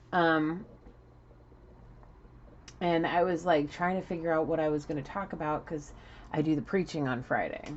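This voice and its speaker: A woman's voice: low voice, darkish tone, lo-fi sound, slight background noise. A woman giving a casual spiritual card reading at home, rambling and laughing often as she talks to her viewers. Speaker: tarot reader. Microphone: camera.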